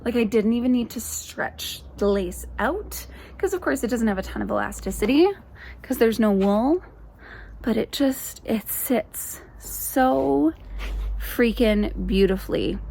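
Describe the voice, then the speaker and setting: A woman's voice: fairly high pitch, expressive, measured pace, vocal fry, dark tone. A young woman hosting a knitting podcast, chatting in a casual, enthusiastic, rambling way with plenty of fillers, speaking to the camera. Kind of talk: casual show-and-tell chat. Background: faint birdsong ambience.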